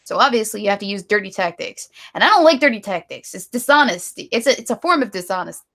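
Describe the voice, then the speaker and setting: A woman's voice: mid-range voice, animated, fast talker, creaky, fairly bright tone. A woman co-hosting a casual live stream, ranting with strong opinions and reading viewer donations. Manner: opinionated ranting, then giggly and apologetic. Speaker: stream co-host.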